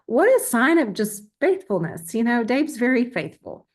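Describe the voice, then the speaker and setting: A woman on a team video call praising a colleague, warm and a little teary. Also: fairly high pitch, big pitch swings, normal speed, husky. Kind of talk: heartfelt praise.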